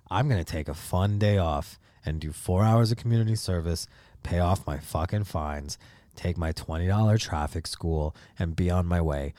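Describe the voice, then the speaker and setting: A young man hosting a podcast, telling a courtroom story in a ranting, heavily swearing, animated way into a close mic. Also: lowish voice, no echo. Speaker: podcast host. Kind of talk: profane comedic storytelling.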